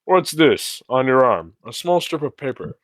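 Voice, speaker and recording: A man's voice: medium pitch, very animated, normal speed, fairly bright tone, no room sound. A man reading the part of a fussy, mock-stern school principal in an amateur play reading. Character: fussy middle-aged male school principal.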